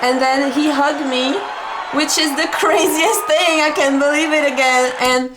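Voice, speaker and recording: Slow-talking woman, moved and laughing. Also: a little high, a bit bright. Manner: slow, halting, laughs often, moved and speechless. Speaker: portrait artist reacting to an old video. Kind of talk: emotional reaction vlog.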